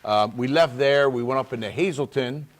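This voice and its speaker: A man's voice: mid-range voice, normal speed. A man from Pennsylvania, a state representative, talking casually on a talk show in an earnest way, with many restarts.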